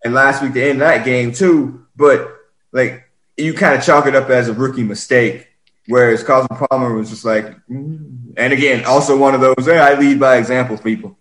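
A man hosting a casual sports chat, rambling and animated, often acting out what players say. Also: mid-range voice, normal speed, low-quality recording.

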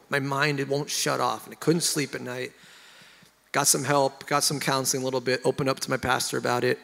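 A man's voice: medium pitch, flat delivery, a little fast, creaky, a bit bright, long reverb tail. A man who is a worship pastor, telling his story earnestly and emotionally from a church stage, often stopping and restarting his sentences. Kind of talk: confessional sermon storytelling.

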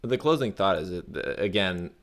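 American man, very low voice, podcast co-host, casual chat, halting, restarts a lot. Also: lively intonation. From United States.

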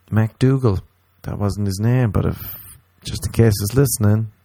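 Deadpan young man, low gravelly voice. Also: normal speed, dry recording. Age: young adult. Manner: deadpan storytelling, acting out both sides of chats. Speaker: stand-up comedian. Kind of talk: stand-up comedy set.

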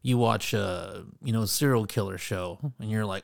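A man's voice: on the low side, normal speed, creaky, dry recording. Rambling casual man, dry sound. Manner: rambling, laughing, full of fillers and swearing. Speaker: podcast co-host. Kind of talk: casual chat.

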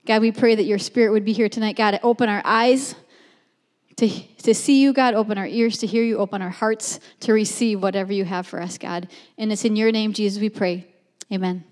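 A woman's voice: mid-range voice, steady tone, a little fast, darkish tone, long reverb tail. A woman speaking to a youth group, earnest, leading a prayer with repeated invocations. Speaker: guest speaker.

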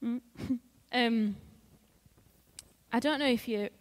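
A woman's voice: a little high, slow. A woman giving a sermon in a church in a conversational way, laughing often and acting out what her friends said. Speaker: preacher. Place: church hall. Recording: long hall reverb.

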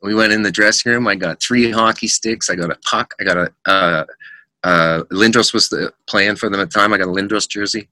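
A middle-aged man, a musician guest, telling lively anecdotes in casual chat and acting out the voices of people in them. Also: on the low side, a little fast, no room sound. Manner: animated anecdotes with quoted voices.

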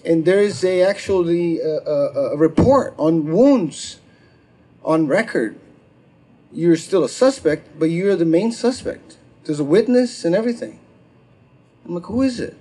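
A man doing stand-up, telling a long profane story and acting out the people in it, with shouted quotes. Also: high-pitched, animated, measured pace, slightly rough. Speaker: stand-up comedian. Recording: live crowd laughter. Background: audience laughter.

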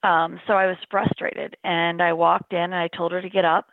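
A middle-aged woman recounts her story as an interview guest, speaking earnestly and plainly, often in the present tense. Her voice sits low. The sound is dry and narrow, like a phone line. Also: flat delivery, moderate pace, dry recording. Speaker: interview guest, bereaved mother. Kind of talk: personal account in an interview.

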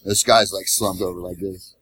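A man's voice: deep voice, normal speed, breathy edge, no room sound. A man telling a wild cab-driving story in casual, profane chat, acting out the voices of the people in it. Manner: profane, animated, acts out voices in his stories. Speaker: podcast co-host, former cab driver.

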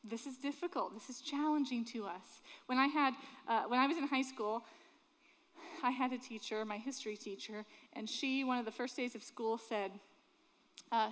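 A woman preaching a sermon in a fairly high voice, earnest and conversational, asking her listeners question after question. Her words carry a long reverb from a big hall. She grew up in Florida. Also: steady tone, normal speed, a bit bright.

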